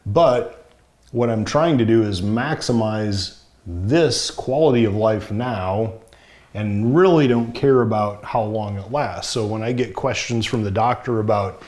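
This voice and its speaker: A man's voice: medium pitch, a little slow, darkish tone. A middle-aged man talking frankly and plainly to the camera, wry at times, somewhat short of breath. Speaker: vlogger. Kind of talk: casual talk to camera.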